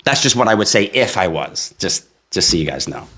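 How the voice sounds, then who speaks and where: A man with a very low voice hosts a live crypto stream. He talks to his viewers in a brash, joking way, swears freely and reads their comments aloud. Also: big pitch swings, a little fast, sharp tone, breathy edge.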